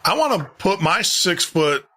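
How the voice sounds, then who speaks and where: A man's voice: sits high, big pitch swings, unhurried, sharp tone. A man talking bluntly and emphatically in a casual podcast roundtable, with a folksy, plain-spoken manner. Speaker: podcast panelist. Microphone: podcast microphone.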